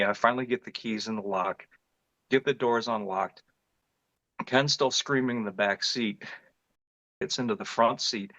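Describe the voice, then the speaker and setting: Low-voiced middle-aged man telling his story. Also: bright, forceful tone, no echo, lo-fi sound. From northeast Ohio. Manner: earnest, vivid retelling with frequent restarts. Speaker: interview guest recounting an encounter. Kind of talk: personal storytelling in an interview.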